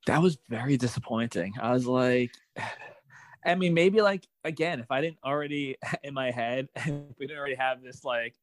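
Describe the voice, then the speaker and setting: A man's voice: mid-range voice, moderate pace, no echo. A man in a mid-range voice shares frank opinions about a TV episode on a casual podcast. He laughs readily, swears now and then, and sighs when it let him down. The sound is dry and close. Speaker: podcast co-host. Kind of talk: casual TV recap chat.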